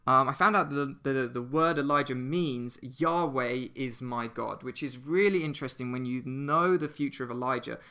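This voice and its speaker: A man's voice: medium pitch, moderate pace, hardly any pauses, clean tone. A man hosting a church podcast, giving an earnest, conversational devotional talk that leads into prayer. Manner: earnest, conversational, animated retelling.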